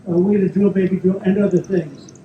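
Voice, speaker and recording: This man speaks fast in a high register with fairly even intonation, answering questions from a live audience as a politician at a private club's event hall. His unscripted replies are repetitive, boastful and meandering, full of digressions. Sound is dull and echoey with slight background noise.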